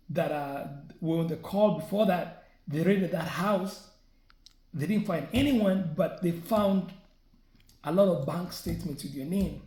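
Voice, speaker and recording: A man's voice: a little high, unhurried, dark tone. A man vlogging, telling a personal story in a casual, chatty way and often checking in with "right?". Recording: echoey room.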